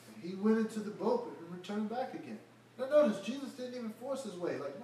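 A man's voice: high-pitched, very animated, a little fast, a little mellow, slight background noise. A man preaching a verse-by-verse sermon, acting out the Bible characters in casual everyday speech. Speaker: pastor. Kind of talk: expository sermon. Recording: echoey room, voice from far off the mic.

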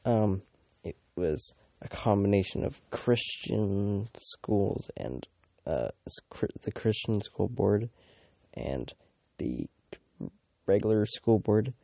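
A teenage vlogger from Canada rambles animatedly through a storytime in an unhurried drawl, his low, gravelly voice dark and dry, with no echo. He curses often, trips over fillers and restarts, and tosses out mocking comments about everyone he meets.

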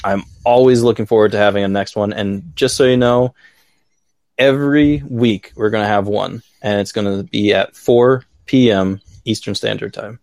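A man's voice: lowish voice, fairly even intonation, normal speed, darkish tone, no echo. A man hosting a podcast, chatting in a rambling, upbeat way with lots of "like"s. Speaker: podcast host. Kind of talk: casual chat.

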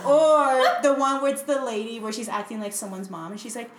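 A young woman in casual chat. She is giggly, quick and animated. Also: a little high. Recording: echoey room with loud noise.

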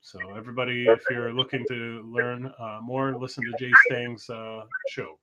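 A man's voice: mid-range voice, little pitch movement, normal speed, highs cut off, a crowd in the background. A man hosting a live talk show, joking and rambling in casual chat. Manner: joking, rambling, laughs often. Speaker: host.

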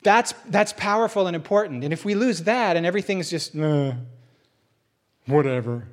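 A middle-aged man preaching a conversational sermon as a pastor, an animated storyteller who acts out voices. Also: high voice, quick pace.

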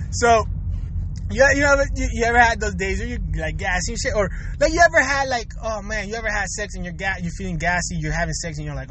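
A man's voice: very high-pitched, animated, quick pace, fairly bright tone, low-quality recording. A young man in a crude, rambling casual rant to his viewers, full of slang and frequent chuckles. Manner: slangy street talk. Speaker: vlogger.

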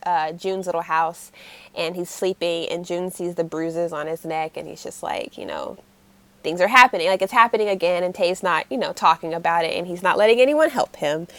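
A woman co-hosting a casual chat show, recapping a comic with lively acted-out lines. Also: lowish voice, normal speed, no room sound. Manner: animated, acts out characters' lines. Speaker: podcast co-host.

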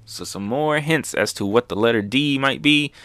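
Excited young man recapping comics. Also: mid-range voice, moderate pace, smooth, no echo, studio quality. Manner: excited, loose, lots of fillers. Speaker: manga reviewer. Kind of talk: casual recap.

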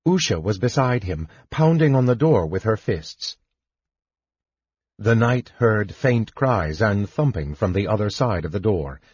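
A man narrates an audiobook in a slow, measured manner. His voice is low and husky. The dry recording sounds dull and lo-fi. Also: darkish tone, no room sound. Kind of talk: scripted narration.

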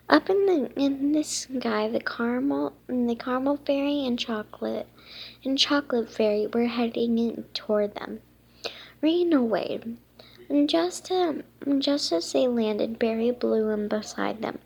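Woman reading a children's book haltingly. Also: on the high side, gravelly, a little mellow, husky. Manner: halting, frequent self-corrections. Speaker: reader.

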